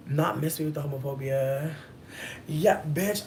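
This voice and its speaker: A woman's voice: deep voice, fairly even intonation, darkish tone, a little hiss or hum. Chatty, profane woman in her thirties. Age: 30s. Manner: chatty, profane, playful, drawn-out emphasis. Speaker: livestreamer answering chat. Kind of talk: casual livestream chat.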